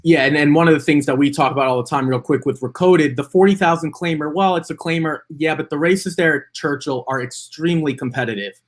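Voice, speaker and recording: A man's voice: fairly high pitch, fast talker, few pauses. A man co-hosting a horse racing podcast, talking through his picks in a casual chat, with frequent fillers and restarts as he thinks aloud. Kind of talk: casual betting analysis chat.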